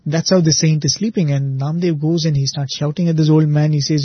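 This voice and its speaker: A man retelling a devotional saint story in a relaxed, conversational way, often pausing with "you know" and "uh". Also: fairly high pitch, husky, dry recording, muffled recording. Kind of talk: spiritual storytelling talk.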